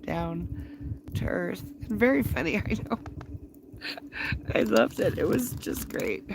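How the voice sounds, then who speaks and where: A woman's voice: fairly low pitch, sing-song, unhurried, gravelly, noisy background. A middle-aged woman telling a rambling story to her live stream from a campfire at night, laughing often as she talks. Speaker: livestreamer. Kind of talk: casual storytelling. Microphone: phone live stream.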